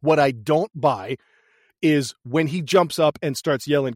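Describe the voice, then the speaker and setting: A man co-hosting a podcast, recapping a movie in casual chat, animated and profane, laughing often. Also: a little high, unhurried, no room sound, clean studio sound. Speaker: podcast co-host.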